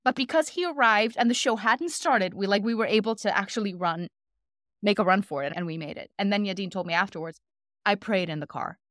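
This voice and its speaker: A woman co-hosting a podcast who tells stories in a casual, animated way and acts out the quotes. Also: medium pitch, a little fast, dry recording, studio quality. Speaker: podcast co-host. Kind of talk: casual conversational storytelling.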